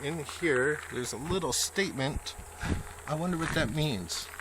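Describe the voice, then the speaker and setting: A man's voice: fairly high pitch, animated, a little slow. A man on a casual vlog, reading inscriptions aloud outdoors with wry asides, recorded on a handheld camera. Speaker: vlogger visiting a monument. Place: outdoors at a rural monument. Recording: noisy outdoor camera audio.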